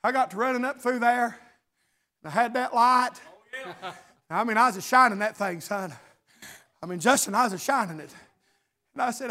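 High-voiced preacher, shouting and hushing. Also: male voice, moderate pace, pauses often. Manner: chanting, shouted preaching cadence swinging to hushed storytelling. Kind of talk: sermon.

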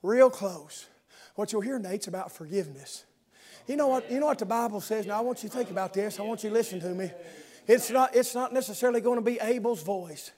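High-voiced man preaching a fervent sermon. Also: brisk. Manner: impassioned, builds from soft talk to fervent shouting cadence.

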